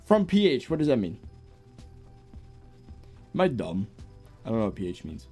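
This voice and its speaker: Chill young american dude on stream, voice bounces all over, bit of music under it. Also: male voice, on the low side, normal speed, slightly rough. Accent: General American. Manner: laid-back, chuckles often, lively up-and-down delivery. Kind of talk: casual live-stream chat, reading viewer messages.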